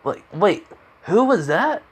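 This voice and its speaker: Excitable male official, squeaky high and stammering, put on by a male narrator. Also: takes it slowly, slightly rough, heavily acted. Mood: astonished.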